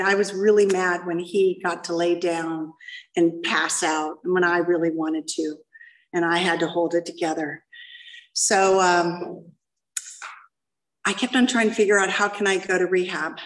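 A woman's voice: on the low side, flat delivery, measured pace. A middle-aged woman giving a candid, self-deprecating personal testimony to a live audience in a meeting room. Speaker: speaker sharing her story at a recovery meeting. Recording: voice picked up from a distance.

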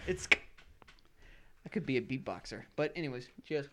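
A man's voice: mid-range voice, quick pace, a crowd in the background. A young man in casual chat among friends over a party game, playful and laughing often. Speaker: game player.

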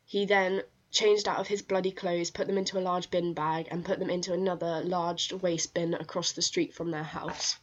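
An English woman co-hosts a podcast, recounting a crime case in a casual, chatty way full of fillers and restarts. Her voice is fairly low and level, at a moderate pace with few pauses, and the recording sounds dull and lo-fi.

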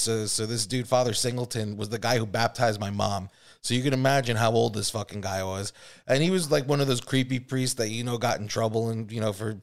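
A man hosting a podcast, telling a story in a casual, rambling, profane way, full of filler words. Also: mid-range voice. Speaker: podcast host.

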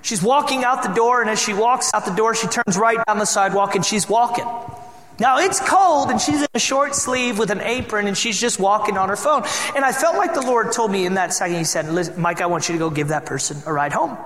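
A young man from Michigan preaching a sermon as a pastor, telling a personal story in a relaxed, conversational way and teasing the congregation. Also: very high-pitched, brisk. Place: church hall. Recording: echoey hall sound.

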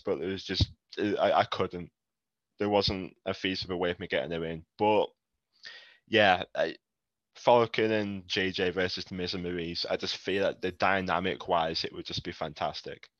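Male host, low voice, dull close recording, casual. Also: moderate pace, no echo. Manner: chatty, laughs often, tells anecdotes. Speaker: podcast host. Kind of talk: casual chat about wrestling.

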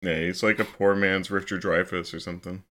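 A man's voice: sits low, little pitch movement, brisk, sharp tone. A man on a casual movie podcast, steadily recapping the plot scene by scene with easy fillers. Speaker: podcast co-host.

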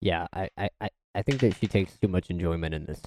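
A man's voice: low voice, brisk, slight background noise. A man playing a tabletop game, joking and bantering with the group. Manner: animated, laughing banter. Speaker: player. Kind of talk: casual game chat.

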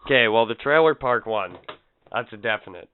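A man's voice: medium pitch, lively intonation, a little fast, clear, resonant tone. A man co-hosting a podcast as the tech guy, offhand and rambling in casual profane banter. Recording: tinny lo-fi recording.

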